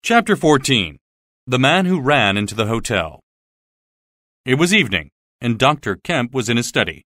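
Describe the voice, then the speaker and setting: A man narrates a graded reader storybook with a lively, expressive delivery. His pitch moves a lot, and his tone is bright and crisp. The recording is dry and close, made in a studio. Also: moderate pace, no echo. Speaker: audiobook narrator.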